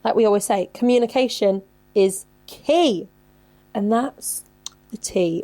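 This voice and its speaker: With a warm, medium-pitched voice and a measured pace, a woman in her twenties hosts a podcast. She hands out advice casually and chattily, cursing freely and leaning heavily on "like."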